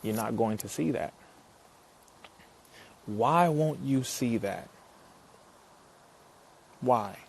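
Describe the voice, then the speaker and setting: Forceful preacherly man with rhetorical questions. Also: mid-range voice, very slow, vocal fry, pauses often, a little hiss or hum. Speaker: speaker addressing an audience. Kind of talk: impassioned motivational talk.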